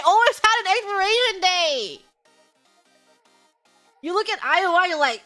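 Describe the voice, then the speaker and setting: A woman streamer in casual livestream chat, excitable and rambling, humming bits of songs between thoughts. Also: high voice, fairly quick, long pauses, soft background music. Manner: excitable, rambling, hums song snippets.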